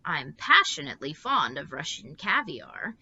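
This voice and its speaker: A woman voicing an eccentric, creaky-voiced old woman who chatters in a quaint, genteel way. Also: deep voice, sing-song, moderate pace, bright, forceful tone, muffled recording, heavily acted. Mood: cheery. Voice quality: creaky, like an unoiled gate. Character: eccentric old woman wanderer, odd and cheerful.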